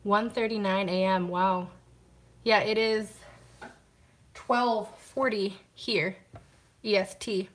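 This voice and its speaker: A woman's voice: medium pitch, fairly even intonation, slow pace, long pauses. A woman hosting a casual live stream at home, chatting to viewers, greeting them and answering comments while washing glasses by hand.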